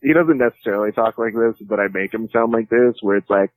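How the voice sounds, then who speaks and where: A man's voice: fairly low pitch, quick pace, dry recording, low-quality recording. A man guest in a casual interview, joking and rambling with frequent fillers. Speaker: podcast host and jiu-jitsu commentator, guest.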